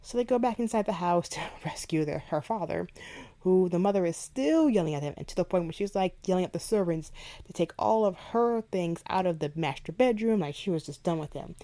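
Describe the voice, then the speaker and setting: A woman hosting a book podcast, retelling a favorite scene in an animated, chatty way. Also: lowish voice, brisk. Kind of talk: casual book review chat.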